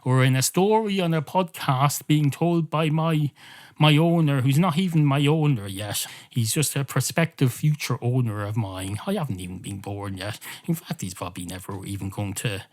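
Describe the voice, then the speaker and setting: A man's voice: medium pitch, moderate pace, lightly acted. A man voicing an earnest, pedantic male guide dog who speaks politely and holds himself back. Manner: polite, pedantic, self-restrained.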